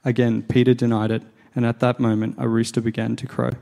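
A man reads scripture aloud at an unhurried, even pitch. His voice is gravelly and mellow, with a dark tone. He stays measured and low-key throughout. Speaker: scripture reader. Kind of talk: Bible reading.

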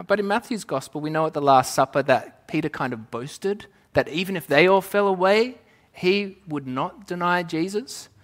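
A man's voice: a little high, fairly bright tone. A man preaching a sermon in a church, speaking into a microphone. He talks in a conversational way, tells stories and asks the congregation questions.

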